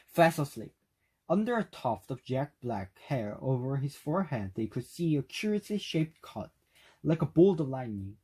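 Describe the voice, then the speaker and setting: A man whose first language is Korean reading a novel aloud for speaking practice, at a careful, steady pace. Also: medium pitch, slightly rough, poor audio. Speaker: reader.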